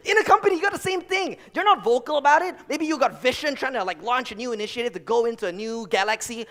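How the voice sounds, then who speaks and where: A man's voice: very high voice, fast talker, few pauses. A man giving a motivational talk to company founders, telling stories animatedly and acting out the people in them. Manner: animated storyteller, acts out voices, laughs often. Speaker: speaker addressing founders.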